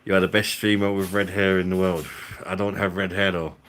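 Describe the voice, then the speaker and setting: Middle-aged bloke, low-pitched, sweary banter for a live stream. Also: male voice, flat delivery, fairly quick, a bit bright, slight background noise. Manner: blunt, sweary, jokey banter with chat. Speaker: live streamer and beer reviewer. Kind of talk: casual live-stream chat.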